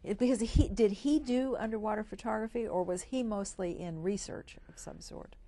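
A woman's voice: mid-range voice, normal speed, warm tone. A woman hosting an interview and asking curious follow-up questions in a casual chat. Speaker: interview host.

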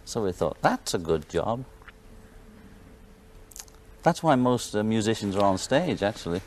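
A man's voice: lowish voice, sing-song, measured pace, a little hiss or hum. A man in his thirties with a Liverpool accent, a musician guest on a talk show, talking in an offhand, wry way and laughing between remarks. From England. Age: 30s. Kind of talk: casual talk-show interview. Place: television studio set.

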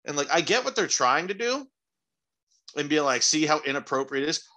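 Bright-voiced young man telling stories. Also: brisk. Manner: rambling, profane storytelling with sudden excited jumps in pitch. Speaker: podcast co-host. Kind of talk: casual chat.

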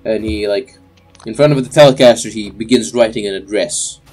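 A man's voice: fairly low pitch, a little fast, a little mellow, faint music behind. A young man narrating as game master for a tabletop game, in a loose, rambling way with many fillers.

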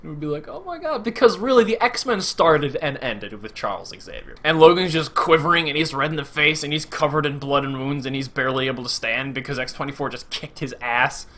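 A man giving an excited casual movie review, gushing and acting out scenes in little voices. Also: medium pitch, brisk, hardly any pauses. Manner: animated, gushing, acts out quotes in voices.

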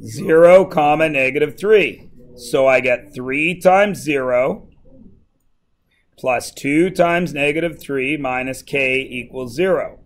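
A man's voice: a little high, takes it slowly. A man teaching math to a class, working through equations and teasing his students as he goes.

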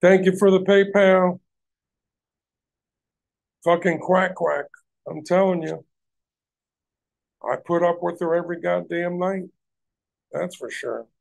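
Gravelly man ranting on a livestream. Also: sits high, slow, pauses often. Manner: heated, confrontational, swears heavily. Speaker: livestream host. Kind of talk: profane ranting livestream chat.

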